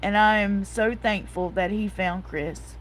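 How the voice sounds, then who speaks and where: A woman's voice: mid-range voice, steady tone, a little slow, slight background noise, poor audio. A woman, hosting a casual livestream chat, telling a story and reading out viewer comments. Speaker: host.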